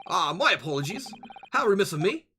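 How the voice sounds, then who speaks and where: A man's voice: high voice, sing-song, fairly quick, sharp tone, slight background noise, full character voice. A man putting on a grandiose British detective. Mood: pompous. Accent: put-on British. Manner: grandiose, theatrical. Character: pompous eccentric male British detective.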